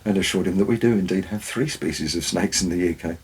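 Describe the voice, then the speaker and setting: A man's voice: low voice, quick pace, a little hiss or hum, low-quality recording. A man, a former forest warden, tells wry anecdotes in a dry, storytelling way. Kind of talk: storytelling narration.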